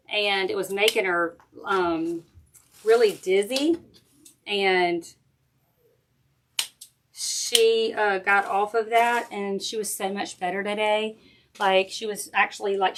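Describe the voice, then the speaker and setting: A middle-aged woman with a drawl talks folksy and chatty, working with her hands and calling out to viewers as she goes. Her voice sits at an ordinary middle pitch. A faint hiss and a few clicks sit under the recording. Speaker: crafting livestream host. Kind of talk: casual craft demo chat with viewers. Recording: faint background noise and clicks.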